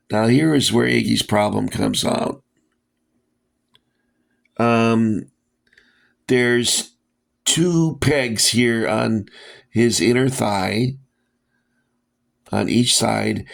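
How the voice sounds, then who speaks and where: A man's voice: medium pitch, creaky. A man casually reviewing vintage toy soldiers, rambling with lots of fillers and dry jokes, a bit winded.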